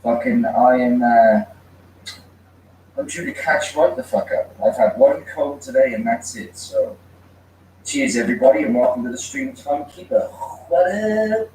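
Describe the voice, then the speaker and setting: A man's voice: medium pitch, lively intonation, moderate pace, warm tone. A man hosting a livestream, greeting viewers by name and reading their comments in casual chat. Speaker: livestream host. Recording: echoey room, mic far off, faint noise.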